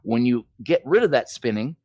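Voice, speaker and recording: A man's voice: mid-range voice, expressive, moderate pace, darkish tone, no echo. A man calling into a show, talking in a ranting, swearing, heated way, then apologizing for it. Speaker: caller. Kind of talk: casual call-in chat.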